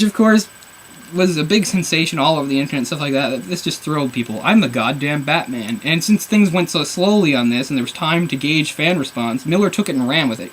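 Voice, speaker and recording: A man's voice: fairly high pitch, a little hiss or hum, low-quality recording. A man reviewing a comic book on camera, rambling in an exasperated, sarcastic way. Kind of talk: casual video review.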